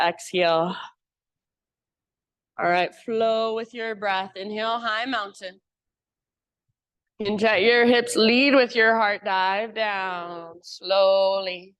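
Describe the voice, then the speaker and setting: A woman teacher guiding a live yoga class with calm, encouraging cues. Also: on the high side, clear, resonant tone, no room sound.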